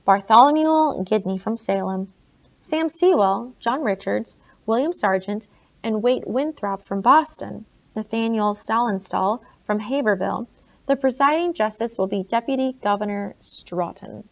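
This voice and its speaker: A woman reading an audiobook, voicing a blunt, grave older colonial gentleman in her own plain voice. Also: mid-range voice, measured pace, vocal fry.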